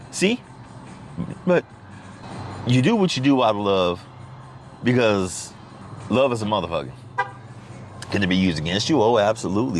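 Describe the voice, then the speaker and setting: Animated middle-aged man ranting from his car. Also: mid-range voice, a little hiss or hum. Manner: animated, rambling, heavy swearing, frequent restarts. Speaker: podcast host. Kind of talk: casual profane rant. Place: in a car at a drive-through.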